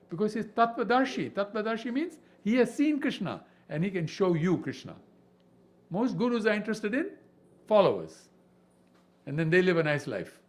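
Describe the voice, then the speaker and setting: A man leads a devotional scripture class with a lively, swinging delivery and a slightly high voice. He keeps checking in with his listeners through rhetorical questions. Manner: animated, peppered with rhetorical questions. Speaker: spiritual teacher.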